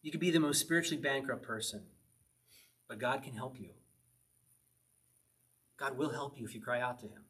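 A man's voice: mid-range voice, normal speed, pauses often, a bit bright. A man leading an evening Bible study as pastor, reading psalms aloud and explaining them in a loose, conversational way, often laughing. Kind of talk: informal Bible study teaching.

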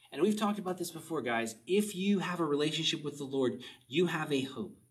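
Casual male pastor, chatty sermon with questions and chuckles, a bit high, recorded slightly off-mic. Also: far from the mic, poor audio. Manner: conversational, asks the listeners questions, chuckles often. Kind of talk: casual sermon, reading and explaining a psalm.

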